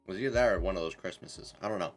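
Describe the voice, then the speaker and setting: A man's voice: low-pitched, racing, faint music behind. A young man streaming a game, chatting casually in a rambling, self-correcting way. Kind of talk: casual chat while gaming.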